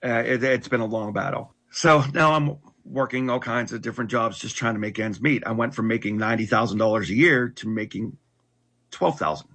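A middle-aged man earnestly telling his life story in conversation, halting and restarting often. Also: mid-range voice, fairly bright tone, breathy edge. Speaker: guest telling his testimony.

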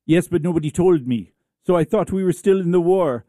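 A man's voice: high voice, a little fast, warm tone, no echo, studio quality, voice pushed up, natural voice. A man voicing a stiff, solemn character from a gloomy art-house drama, speaking in a formal, wooden way.

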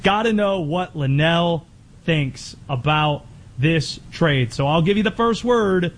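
A man hosting a sports talk radio show, teasing his co-host and setting up questions in a measured way. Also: a little high, animated.

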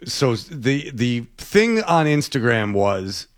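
Man, sports radio host, casual chat, mid-pitched, animated. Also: slow pace. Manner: explains and runs the game.

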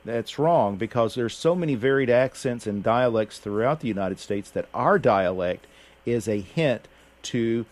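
Radio host, man, unhurried folksy delivery, mid pitch, radio broadcast sound. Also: expressive, a little mellow. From Appalachian Kentucky. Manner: unhurried, folksy, many fillers and restarts. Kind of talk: casual radio chat.

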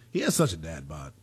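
Animated male sports show host. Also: very deep voice, breathy edge. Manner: animated, bouncing between hype and jokes. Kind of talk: casual sports talk show.

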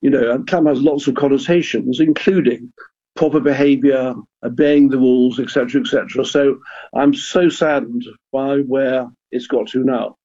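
Older man, mellow husky voice on a dull line. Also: mid-range voice, steady tone, moderate pace. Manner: hesitant, repeats words, earnest. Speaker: guest, former football club chairman. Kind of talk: radio discussion.

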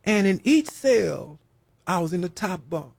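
A man's voice: high-pitched, expressive, measured pace, gravelly, a little mellow, slightly rough, dry recording. A man who served prison time, preaching a sermon in a folksy way and repeating his phrases for emphasis.

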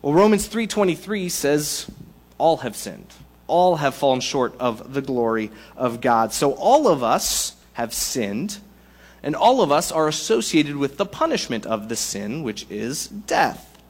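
A man preaching a sermon to a congregation, in a conversational, animated way with playful asides. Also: medium pitch, a little slow. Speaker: pastor.

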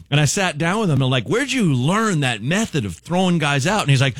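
A man's voice: fairly high pitch, fairly quick, few pauses, dry recording. A man who is a comedian guest, telling a rambling story on a studio radio show, acting out voices and laughing as he goes. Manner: rambling, animated, acts out voices and laughs while telling stories.

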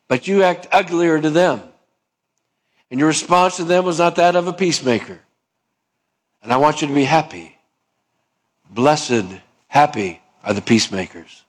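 A male preacher with a fairly high voice delivers a sermon. He keeps asking his listeners rhetorical questions and acts out small conversations to make his point. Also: moderate pace, long pauses.

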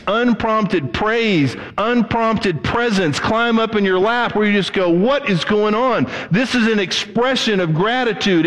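A middle-aged man preaching a sermon as pastor, animated and acting out the voices he quotes. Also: high-pitched, in a large hall, rough recording.

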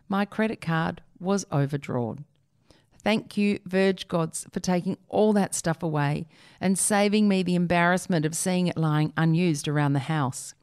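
A woman's voice: fairly low pitch, darkish tone. A woman, reading a humorous opinion piece aloud on the radio with a wry, lightly comic delivery. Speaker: radio reader.

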